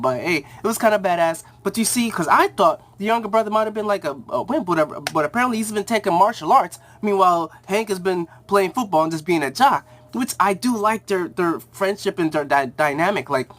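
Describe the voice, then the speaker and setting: A young man casually recapping a TV episode, rambling with lots of slang, fillers and quick acted-out quotes. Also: high-pitched, animated, a bit bright. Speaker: TV reviewer.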